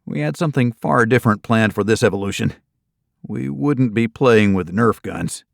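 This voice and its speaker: A man narrating a first-person thriller audiobook in a steady, matter-of-fact reading. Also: lowish voice, normal speed, vocal fry, no echo, clean studio sound.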